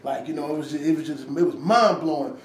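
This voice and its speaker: A man's voice: a little high, quick pace. A man telling a story in casual slang, acting out quotes and swearing as he goes. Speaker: rapper telling a story after an interview. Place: room, filmed by handheld camera. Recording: echoey room, from a distance, faint ambient noise.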